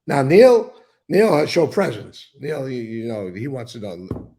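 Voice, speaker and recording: An older man with a gravelly edge to his voice. He tells stories in a loose, rambling way, blunt and unfiltered, with swearing sprinkled through. It sounds like a casual sit-down interview. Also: on the high side, very animated, normal speed, darkish tone. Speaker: interview guest.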